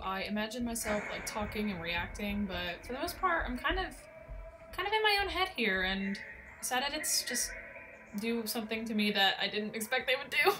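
A woman's voice: medium pitch, big pitch swings, brisk, noisy background. A young woman talking casually and thoughtfully in a reaction vlog, with many fillers. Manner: soft-spoken, musing, filler-heavy. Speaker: vlogger reacting to videos.

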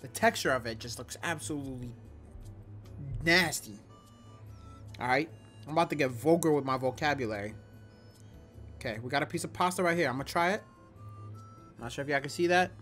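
A man's voice: fairly high pitch, a little fast, pauses often, fairly bright tone, faint music behind. A young man reviewing food on his home vlog, casual and slangy, with big exaggerated reactions, recorded on a camera at home. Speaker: food-tasting vlogger. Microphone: camera or phone.

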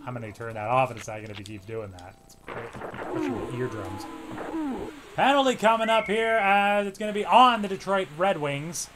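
A young man giving casual play-by-play commentary on a hockey video game, muttering between plays and yelling when the action heats up. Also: high voice, very animated, brisk, background noise. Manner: swings from muttering to shouting at big plays. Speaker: let's play host.

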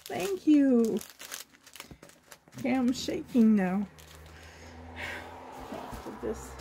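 A woman's voice: fairly high pitch, very animated, very slow, pauses often, warm tone, slight background noise. A woman from Canada chatting through a doll unboxing in a gushing, effusive way, laughing often, with a slight cough and tears. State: coughing, teary. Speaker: reborn doll collector vlogger. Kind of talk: unboxing vlog chat.

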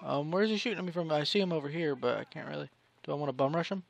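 A man's voice: fairly high pitch, rapid-fire, creaky, dull audio. A young man casually commenting on a multiplayer game with friends, joking and crude. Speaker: gaming channel host.

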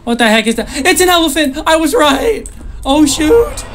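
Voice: high-pitched, big pitch swings, normal speed, a bit bright, soft background music. A gamer giving let's-play commentary on a horror game, jumpy and easily startled, with nervous laughs and sudden exclamations.

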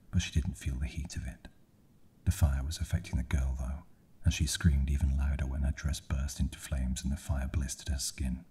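A man whispering a bedtime horror story in a slow, hushed ASMR reading. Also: very deep voice, a little hiss or hum.

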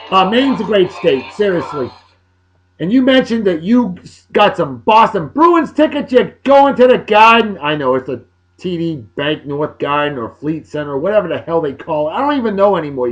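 A man's voice: high voice, low-quality recording. A man, hosting a casual beer-review vlog in a boisterous, joking, rambling way. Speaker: host.

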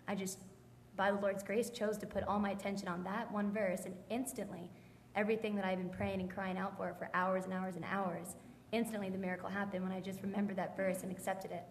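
A woman tells her testimony to the congregation in an earnest, steady voice. Her pitch barely moves, and a church hall with a long reverb and faint background sound surrounds her. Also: a little hiss or hum. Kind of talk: personal testimony.

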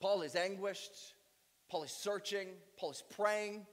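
A man's voice: high voice, slow pace, a bit bright, big-room sound. A male pastor preaching a sermon with emphatic delivery and strings of rhetorical questions. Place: church sanctuary.

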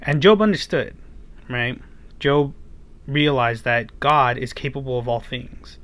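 A man's voice: mid-range voice, a little slow, fairly bright tone. A man gives a children's sermon in a mid-range voice. He retells the story in a loose, chatty way, full of fillers. He often checks in with his young listeners through rhetorical questions. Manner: casual retelling with many fillers. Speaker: children's ministry preacher.

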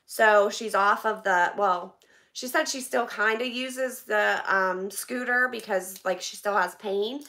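Speaking slowly at a medium pitch, a middle-aged woman from the US unboxes donated packages live and talks excitedly with the people watching.

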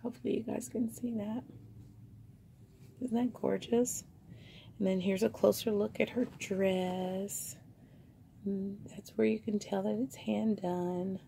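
A woman's voice: medium pitch, steady tone, unhurried, gravelly, pauses often, dark tone, slight background noise. A woman selling vintage finds online, showing items in a casual, rambling, chatty way full of fillers. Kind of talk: casual show-and-tell.

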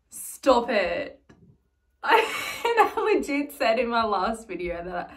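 A young woman vlogging as she unboxes a gift, gushing and excitable, swinging between squeals and soft murmurs. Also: fairly high pitch, slow pace. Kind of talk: casual vlog, unboxing a gift. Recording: slightly distant mic with faint noise.

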